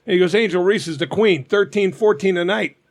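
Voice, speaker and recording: Co-host, man, Cincinnati accent, blunt and profane, slightly high pitch. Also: a little fast. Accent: Cincinnati, Ohio. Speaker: podcast co-host. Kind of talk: casual chat.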